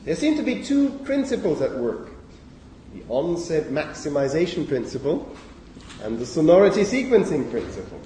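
A man giving a university lecture on phonology in a lecture hall, speaking haltingly with many fillers and self-corrections. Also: a little high, sing-song, warm tone, slight background noise. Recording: echoey lecture hall from far off.

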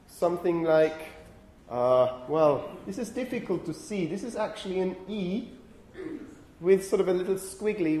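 A man lecturing university students on phonetics, lively and often putting questions to the class. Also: a little high. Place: lecture hall. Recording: echoey lecture hall.

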